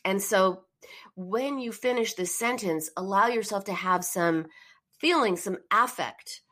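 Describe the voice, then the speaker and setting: Earnest middle-aged woman, therapist host, warm encouraging delivery. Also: mid-range voice, unhurried. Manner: earnest and encouraging, acts out emotional phrases. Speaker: therapist hosting a call-in live stream. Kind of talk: casual live-stream advice talk.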